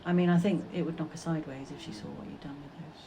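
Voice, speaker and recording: A middle-aged British woman, the artist's mother, reminiscing fondly in a relaxed conversation, halting and restarting as she reflects. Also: low voice, vocal fry, crowd noise. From Britain.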